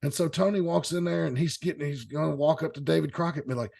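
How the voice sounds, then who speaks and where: A man's voice: fairly high pitch, steady tone, fast talker, vocal fry, hardly any pauses, a little mellow. A man hosting a casual panel show, telling rambling anecdotes with chuckling asides. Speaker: host. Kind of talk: casual storytelling chat.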